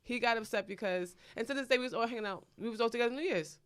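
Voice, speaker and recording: Brash, bright-voiced woman telling a story. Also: fairly high pitch, very fast. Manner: brash, profane storytelling with bursts of laughter. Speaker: podcast host. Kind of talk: casual chat.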